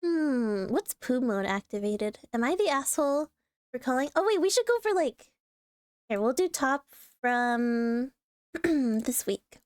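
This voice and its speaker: A woman with a fairly high voice, chatting casually on a live stream. She swears freely, clears her throat often and breaks into laughter. The sound is dry and close, with no room echo. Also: animated, unhurried. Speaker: streamer reacting to online posts.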